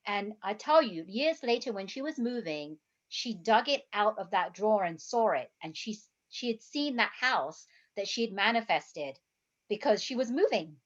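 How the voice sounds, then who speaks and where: A woman, a health coach, hosting a casual interview in an upbeat way and wrapping up with a pitch for her guest. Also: expressive, normal speed. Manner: upbeat, promotional wrap-up. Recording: slightly dull, lo-fi sound.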